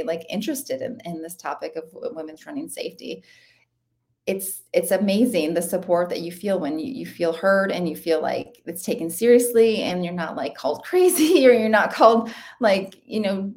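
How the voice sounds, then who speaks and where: A woman's voice: mid-range voice, moderate pace, a little mellow. Chatty woman runner, lots of fillers. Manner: chatty, many "like" fillers, laughs often. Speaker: interview guest, ultra runner. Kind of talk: casual conversational interview.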